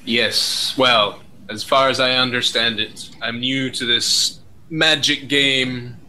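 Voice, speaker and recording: A man's voice: medium pitch, steady tone, takes it slowly, sharp tone, poor audio. A man playing a tabletop game, speaking in character in a polite, plain way. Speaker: player. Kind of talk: in-character tabletop role-play.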